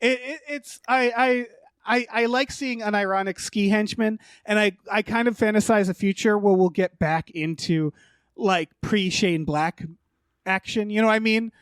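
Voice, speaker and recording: A man's voice: sits high, normal speed, smooth, no echo, studio quality. A man co-hosting a podcast, musing hesitantly about movies with frequent stammers. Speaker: podcast co-host. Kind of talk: casual movie chat.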